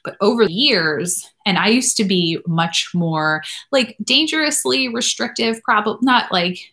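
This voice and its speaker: A woman's voice: medium pitch, animated, unhurried, bright, forceful tone. A woman in her thirties hosting a live question-and-answer stream as a nurse practitioner, talking in a rambling, chatty way with lots of fillers. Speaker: nurse practitioner and channel host.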